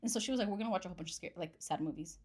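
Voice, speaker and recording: A woman's voice: fairly low pitch, racing, darkish tone, slightly rough. A woman in her twenties chatting casually as a podcast guest, rambling and self-deprecating, with lots of fillers. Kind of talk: casual chat.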